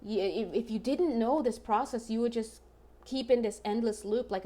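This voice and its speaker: A woman's voice: a little high, normal speed, dark tone. A woman giving a casual tarot reading to her viewers, chatty and emotional, often checking in with "right?". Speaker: tarot reader.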